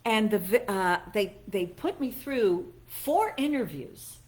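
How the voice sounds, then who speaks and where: A woman's voice: mid-range voice, lively intonation, takes it slowly, darkish tone. A middle-aged woman minister giving a conversational sermon, chatty and self-mocking, laughing at herself as she tells personal stories and acts out what others said.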